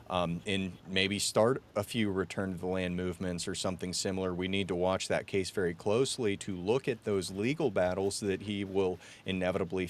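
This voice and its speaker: A man hosting a podcast, talking in an emphatic, ranting way and often calling his guest "dude". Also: low voice. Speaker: podcast host. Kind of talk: casual podcast chat. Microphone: own podcast mic, remote call.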